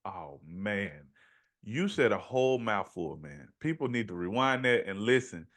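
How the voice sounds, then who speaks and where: Podcast host, man, somewhat low pitch, emphatic conversational delivery. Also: expressive, a little slow, fairly bright tone. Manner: emphatic, conversational, repeats "you know what I mean". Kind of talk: casual interview chat.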